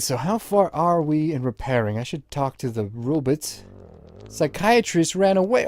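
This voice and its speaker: A man's voice: fairly high pitch, expressive, moderate pace, a little mellow, no room sound. A young man giving rambling, crude running commentary while playing a game, mocking the characters with joking insults. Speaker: gameplay commentator.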